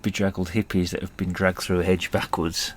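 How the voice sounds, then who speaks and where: A man's voice: low voice, flat delivery, fairly quick. A man, telling stories in a rambling, self-deprecating way and chuckling often. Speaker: podcast host. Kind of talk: casual storytelling monologue.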